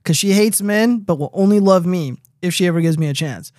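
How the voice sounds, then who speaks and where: A man's voice: high-pitched, brisk, a little mellow, no echo, studio quality. A young man hosting a casual livestream, rambling and swearing freely as he reads viewer comments aloud. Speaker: stream host.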